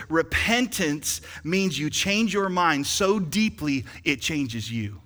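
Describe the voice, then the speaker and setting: A man pastor preaching a sermon, swinging from quiet explaining to loud fervent peaks in a church. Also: sits high, animated, moderate pace, few pauses. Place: church sanctuary. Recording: long hall reverb.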